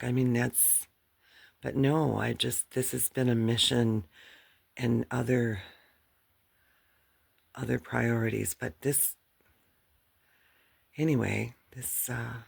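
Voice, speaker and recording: An older woman with a very deep, gravelly voice talks slowly and casually to her viewers. She rambles and pokes fun at herself, tired but chatty. Faint music plays behind her in a cluttered home workspace. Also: darkish tone. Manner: rambling, chatty, self-mocking. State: worn out. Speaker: channel host. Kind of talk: casual talk to camera.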